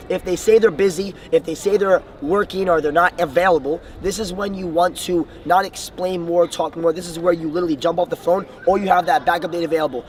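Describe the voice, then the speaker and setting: A man's voice: high-pitched, a little fast. A young man from the Bahamas coaching viewers with earnest, enthusiastic sales advice. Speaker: sales trainer. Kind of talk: motivational coaching talk. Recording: distant mic, faint street noise.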